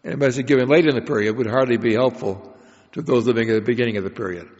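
A man teaches through a prepared Bible lecture, explaining each point in a measured way. His voice sits at an ordinary pitch. The recording is dull and lo-fi, with the long reverb of a large hall. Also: darkish tone. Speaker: Bible study speaker.

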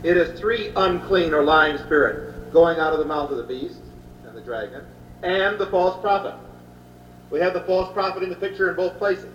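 A man's voice: sits high, animated, moderate pace, fairly bright tone. Man lecturing on scripture in a roomy hall. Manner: plain storytelling, retelling scripture in everyday speech with frequent uh. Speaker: Bible teacher. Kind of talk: Bible lecture. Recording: roomy, distant, dull old hall recording with faint hum.

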